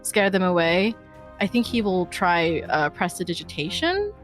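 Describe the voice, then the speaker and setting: Woman player thinking out loud, lots of likes and ums, light music behind. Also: lowish voice, very animated, normal speed. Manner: hesitant, chatty, many fillers and restarts. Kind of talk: playing a tabletop game.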